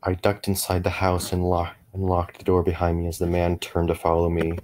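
A middle-aged man narrating a first-person horror story in a measured way, with frequent small restarts. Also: deep voice, completely flat delivery, noisy background.

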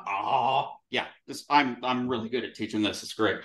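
A man teaching a lively classroom lesson, drilling sounds aloud with his students. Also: mid-range voice, measured pace, hardly any pauses, far from the mic. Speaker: Sanskrit teacher. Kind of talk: classroom lesson with call-and-response. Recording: roomy echo in a classroom.

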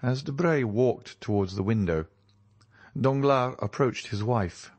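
A man narrating a classic novel as an audiobook in a measured, expressive reading. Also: mid-range voice, no room sound. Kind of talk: scripted narration.

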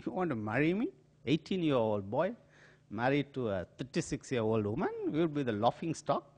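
A man with an Indian accent voicing an older woman, a playful aunt, in a lively, rising voice. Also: mid-range voice, a little fast. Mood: teasing.

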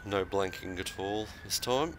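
Man, very low voice, calm sim racing commentary, heavy game noise behind. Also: a little slow. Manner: calm, focused, talks in short bursts between corners. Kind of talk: live racing commentary while driving. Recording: noisy game audio behind.

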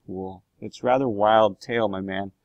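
A man's voice: fairly low pitch, steady tone, moderate pace, dry recording, highs cut off, natural voice. A man doing a wary, shaken lawyer. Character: cautious, shaken male lawyer.

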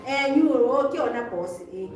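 A woman's voice: high voice, expressive, fairly quick, darkish tone. A woman telling a vivid spiritual story, acting out voices and laughing often, recorded from a distance with music behind her. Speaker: guest testifying. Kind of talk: animated testimony. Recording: echoey room from far off, music behind.

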